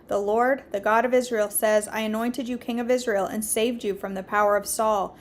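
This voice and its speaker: Woman, devotional host, scripture reading, steady, earnest, mid pitch. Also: a little fast, hardly any pauses. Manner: steady, earnest reading with small slips and restarts.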